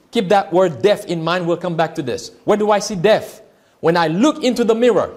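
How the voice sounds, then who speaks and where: A man preaching a sermon as pastor, reading scripture aloud and often asking the listeners questions in call-and-response. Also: high voice.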